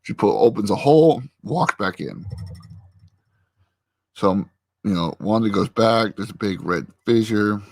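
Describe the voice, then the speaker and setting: A man with a fairly low voice talks loosely through a scene-by-scene recap, drifting in and out of the characters' lines. The sound is close and dry, with little room around it. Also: measured pace, gravelly, pauses often, a little mellow, no room sound. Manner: rambling retelling, slipping into characters' lines. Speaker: host. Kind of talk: casual show recap chat.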